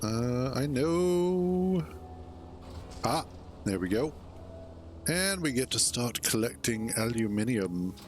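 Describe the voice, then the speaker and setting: A man in the middle of a gameplay stream, talking slowly and easily at an ordinary pitch. He rambles from one thought to the next and chuckles to himself. Loud game sounds run under his voice. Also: sing-song, slight background noise. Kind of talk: casual gameplay commentary.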